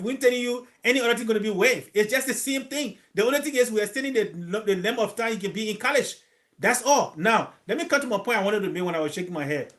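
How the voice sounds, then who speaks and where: Brief: man, high voice, firm and blunt, debating. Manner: firm, blunt, explains step by step. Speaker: panelist. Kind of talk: casual panel discussion.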